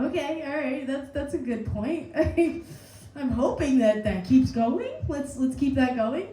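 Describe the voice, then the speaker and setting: A woman hosting a comedy night, telling an animated story full of laughs and swearing before introducing the next comic. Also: sits high, a little slow, reverberant, a little hiss or hum, poor audio. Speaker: comedy show host. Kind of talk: stand-up host introduction. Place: pub comedy stage.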